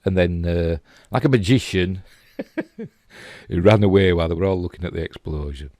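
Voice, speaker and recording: A man's voice: low-pitched, moderate pace, mellow, no echo, clean studio sound. A middle-aged man with a Yorkshire accent, rambling casually and chuckling as he comments on pictures. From England. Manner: chatty, rambling, chuckling asides. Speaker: host.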